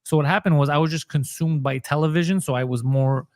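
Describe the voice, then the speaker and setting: A man's voice: fairly high pitch, fast, no echo, studio quality. A man, a comedian and podcaster telling stories in a casual interview and acting out the voices of people he quotes. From Montreal, Quebec. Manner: animated storyteller, acts out quoted voices.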